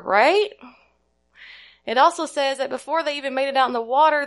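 A woman's voice: fairly high pitch, gravelly, a bit bright. A woman preaching a sermon in an earnest way, putting questions to her listeners and retelling scripture.

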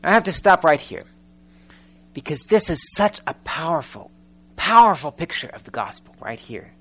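Lively male preacher, fairly high voice. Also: moderate pace. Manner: animated storytelling, acting out scripture characters; frequent rhetorical questions to the congregation. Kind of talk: sermon.

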